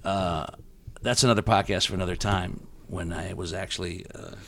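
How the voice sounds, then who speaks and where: A man's voice: normal speed, gravelly. A middle-aged man hosting a podcast, chatting casually and telling stories about his school years. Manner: storytelling, breaks into excited high-pitched yelps when quoting. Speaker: podcast host.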